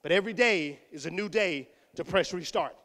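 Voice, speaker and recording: A middle-aged man from Texas giving an animated motivational talk to students, acting out voices and shouting punchlines. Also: sits high, brisk. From Houston, Texas. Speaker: motivational speaker. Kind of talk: energetic motivational speech to students. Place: school auditorium. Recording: echoey hall.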